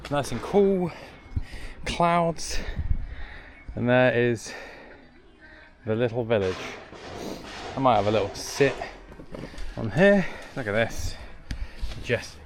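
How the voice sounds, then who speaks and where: A young travel vlogger with a mid-range, expressive voice strolls through hilltop villages outdoors, narrating slowly with long pauses. His casual chat wanders into jokey asides, and there's a faint hiss or hum on the recording.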